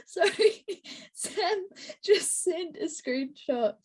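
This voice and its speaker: A woman's voice: extremely high pitch, lively intonation, very slow, a little mellow. An Australian woman co-hosting a podcast over a video call, giggly and sarcastic in casual chat. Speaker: podcast co-host.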